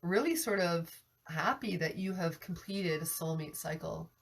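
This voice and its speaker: A woman's voice: fairly low pitch, unhurried, vocal fry, breathy edge, recorded from a distance. A woman with a cold giving an earnest live tarot reading, often restarting her sentences as she talks about what she senses. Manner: earnest, restarts often, speaks of sensing energies. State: has a cold, coughing. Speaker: tarot reader.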